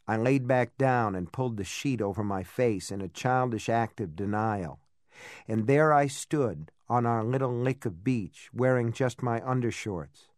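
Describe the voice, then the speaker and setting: A man narrates a novel in a steady, measured way, his voice in a middle range. The recording is close and dry, with no room sound at all. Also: medium pitch, dry recording. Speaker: audiobook narrator. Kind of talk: scripted narration.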